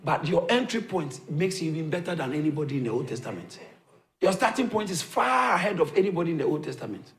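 Male preacher, middle-aged, higher voice, repetitive call-and-response sermon delivery. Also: very animated, fast, a bit bright. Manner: rhetorical questions to the congregation, repeats phrases for emphasis.

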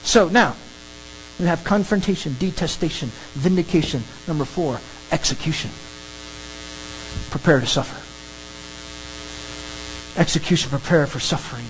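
A preacher giving an animated, emphatic sermon that works through a scripture passage. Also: mid-range voice, normal speed, pauses often, slight background noise, poor audio. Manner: animated, emphatic, acts out crowd scenes.

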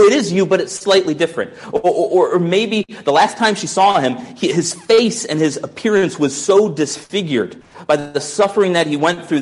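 Conversational man preaching a sermon, slightly high voice. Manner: conversational, musing, self-interrupting with restarts. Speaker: pastor.

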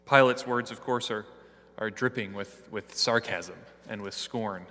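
A man reading scripture and preaching a sermon in a church, with a measured, earnest delivery. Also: fairly low pitch, bright, forceful tone. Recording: hall reverb.

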